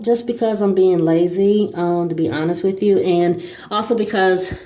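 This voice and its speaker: A woman's voice: on the low side, warm tone. A woman talking casually through a home repair job in a small bathroom, rambling with fillers and restarts as she works. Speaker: DIY home improvement vlogger. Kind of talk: casual how-to narration.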